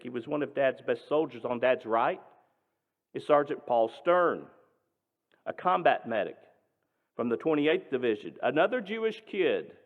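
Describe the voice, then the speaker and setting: A male pastor tells a story in a sermon, speaking dramatically and emphatically, with his voice moving between loud and hushed. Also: fairly high pitch. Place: synagogue sanctuary. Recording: tinny, echoing hall.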